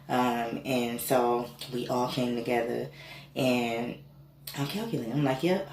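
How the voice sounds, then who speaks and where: A woman telling a personal story in a casual, animated and candid way, swearing freely. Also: rumbling low. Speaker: spiritual reader and reiki healer. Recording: echoey room with faint noise.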